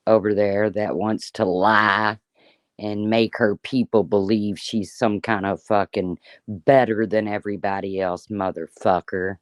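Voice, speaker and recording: A woman's voice: extremely low pitch, flat delivery, takes it slowly, no room sound, studio quality. A woman in her fifties giving an angry, profane, sarcastic rant on a live stream. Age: 50s. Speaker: YouTuber.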